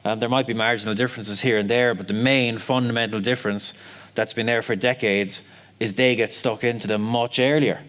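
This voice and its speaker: A man's voice: mid-range voice, steady tone, a little fast, fairly bright tone. Man talking on a seminar panel. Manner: conversational, frequent "you know" fillers.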